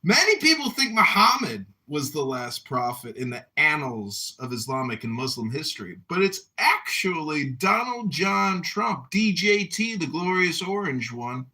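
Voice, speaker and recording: A man rants in a mocking, theatrical way, his pitch swinging widely as he goes. His tone is bright and pointed. Now and then he bursts into loud, chanting exclamations. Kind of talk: mocking satirical rant.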